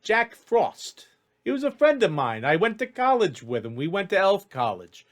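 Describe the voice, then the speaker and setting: A man's voice: high-pitched, huge pitch swings, moderate pace, pitched above the performer's own voice. A man doing a smarmy, wheedling tall elf. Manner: wheedling, pleading, nervous chatter. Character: smarmy fast-talking tall male elf schmoozer.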